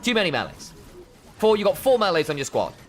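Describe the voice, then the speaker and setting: A man casting a live esports match, breaking down item choices in detail, chatting with viewers and breaking into excited shouts during fights. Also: high-pitched, fast, faint music behind. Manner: analytical, chatty with viewers, bursts of excitement on plays. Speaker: esports caster.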